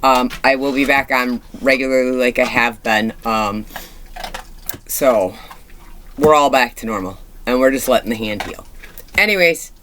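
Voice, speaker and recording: Thirties woman vlogging, chatty and halting, full of ums and restarts, reflective. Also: rumbling low, fairly bright tone, a little hiss or hum. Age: 30s. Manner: candid and reflective. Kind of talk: rambling personal vlog.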